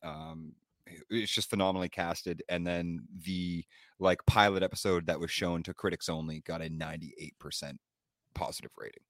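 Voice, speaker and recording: Male co-host, very low voice, eager, chatty, dry close mic. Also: animated, moderate pace, creaky, a bit bright, no room sound. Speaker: podcast co-host. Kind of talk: casual chat.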